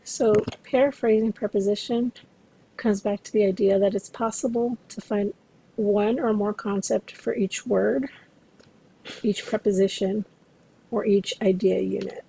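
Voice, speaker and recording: Woman lecturer, recorded class, mellow voice with some fry, steady explanatory delivery. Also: medium pitch, rough recording. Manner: explanatory, measured, addresses students directly. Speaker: interpreting instructor.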